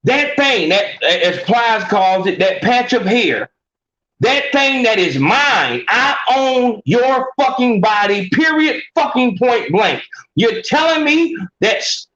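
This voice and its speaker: A man hosts a call-in podcast with a high voice, cursing freely and repeating himself as he talks. The room sounds echoey, and the recording is dull and muffled. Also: slow. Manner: animated, profane, repeats and restarts often. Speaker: podcast host taking calls. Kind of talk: casual call-in advice talk.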